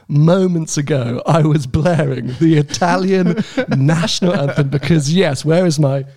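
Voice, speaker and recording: A man's voice: on the high side, a little slow, vocal fry, darkish tone. A British man co-hosting a podcast from his apartment, chatting casually and laughing often. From Britain. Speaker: podcast co-host. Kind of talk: casual chat. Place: home apartment.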